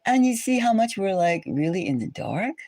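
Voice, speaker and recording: A woman's voice: mid-range voice, big pitch swings, normal speed, warm tone, no room sound. A woman hosting a livestream chat, talking in a rambling, indignant way with many restarts, fillers and rhetorical questions. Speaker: tarot channel host.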